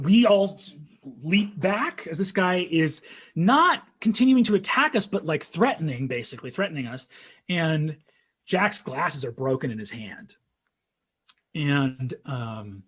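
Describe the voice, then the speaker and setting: A young man telling a story in casual conversation, animated and full of fillers, acting out what people said. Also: on the high side, slightly rough. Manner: animated storytelling, acts out quotes, frequent fillers.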